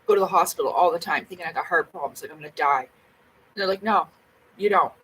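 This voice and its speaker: A woman's voice: deep voice, fast talker, a bit bright, rough recording. A woman talks casually to her camera from home. She is blunt and rambling, and swears freely as she goes. There is a faint hum of ambient noise behind her. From Canada. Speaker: vlogger.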